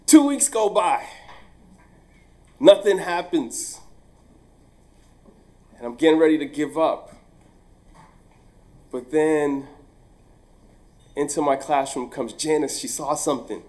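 A man, a teacher, telling a true story on stage, animated and acting out the dialogue with frequent ums. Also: fairly high pitch, unhurried, pauses often. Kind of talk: live storytelling performance.

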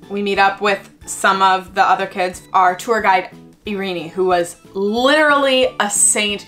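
Chatty young woman telling a travel story. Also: mid-range voice. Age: 20s. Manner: chatty, animated, acts out quoted voices, frequent "like". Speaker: travel vlogger. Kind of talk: casual storytelling.

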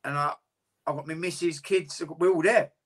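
A man's voice: fairly high pitch, steady tone, normal speed, a bit bright, slightly rough. A man, a boxer talking candidly and at length in a casual interview, swearing freely.

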